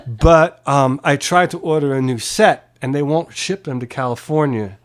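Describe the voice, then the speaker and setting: A guest musician tells a long, casual story during an interview in a private home, swearing freely, animated, and mimicking the people he quotes. His voice is a little high and clean in tone, at a moderate pace.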